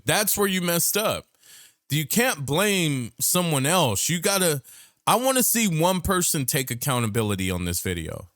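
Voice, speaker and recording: A man's voice: fairly high pitch, big pitch swings, a little slow, a bit bright, dry recording, clean studio sound. A man hosting a reaction video, bluntly scolding the people in the clips and calling for accountability. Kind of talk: casual reaction commentary.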